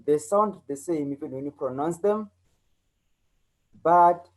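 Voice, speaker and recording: A man's voice: a little high, slow pace, low-quality recording. A South African man teaching an online English lesson, repeating key points and checking in with his learners.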